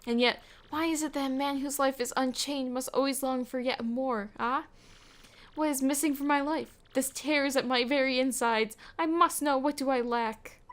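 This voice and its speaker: A woman's voice: high-pitched, animated, moderate pace, fairly bright tone. A woman voicing a flamboyant, vain male merchant trader from a video game, with grand, theatrical delivery. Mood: pompous. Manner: grandiose, theatrical, dramatic exclamations. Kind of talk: reading game dialogue aloud.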